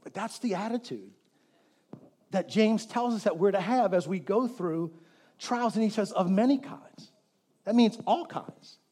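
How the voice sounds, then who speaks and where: Male pastor, high voice, animated jokey sermon delivery in church, congregation call-and-repeat. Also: measured pace.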